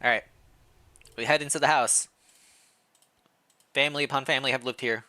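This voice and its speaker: A man's voice: mid-range voice, fairly even intonation, normal speed, pushed and bright. A man streaming, casually reading a visual novel aloud and commenting, often laughing and correcting himself.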